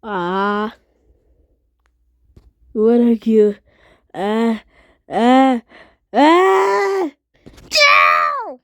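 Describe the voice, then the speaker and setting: A woman's voice: a little high, lively intonation, extremely slow, long pauses, a bit bright. A woman cooing fondly at a toy kitty while telling a play story. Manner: cooing, fond.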